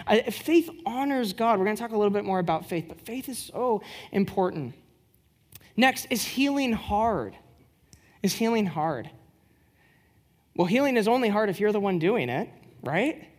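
A woman giving a casual teaching talk at church, conversational with rhetorical questions and lively storytelling. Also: medium pitch, a little fast. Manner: lively storyteller who acts out quoted dialogue.

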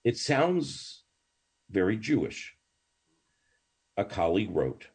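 An older man, a rabbi, tells stories in a podcast interview in an animated way, with many false starts. His voice sits low and husky, and he speaks at a normal speed.

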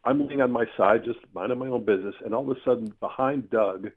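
A man telling a personal story in a casual, earthy, animated way, with mild swearing. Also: mid-range voice, fast talker, breathy edge. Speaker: storyteller guest. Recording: tinny phone-line sound.

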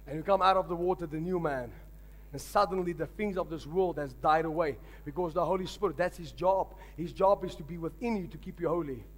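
A high-pitched man preaching a sermon as pastor. He drives points home with repetition and rising emphasis, urging the congregation to answer back. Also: brisk. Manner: emphatic preaching with call-and-response.

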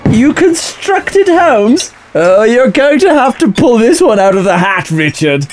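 An actor playing a bewildered, anxious gentleman who stammers and flusters, in a comic audio drama. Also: very high voice, big pitch swings, measured pace, a little hiss or hum, full character voice. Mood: flustered.

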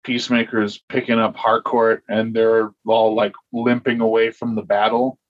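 A man's voice: fairly low pitch, level tone, moderate pace, dull audio. A man in casual chat, easygoing and asking questions.

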